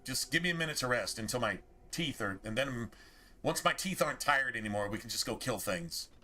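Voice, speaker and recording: A man's voice: mid-range voice, lively intonation, a little fast, pushed and bright. A man voicing a lazy, sleepy male war dog from a game who grumbles about naps and snacks. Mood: lazy grumbling.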